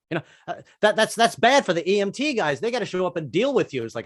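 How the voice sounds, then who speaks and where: A stand-up comic with a high, very animated voice performs a set, stammering and repeating words in a halting way before dropping into quick bits to land his jokes. The sound is clean studio audio with no room sound.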